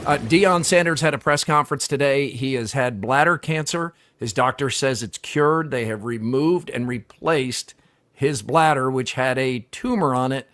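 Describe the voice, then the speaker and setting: A middle-aged man co-hosting a casual sports talk show, relaxed and reading sponsor plugs between chatter. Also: mid-range voice, moderate pace. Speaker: radio show co-host.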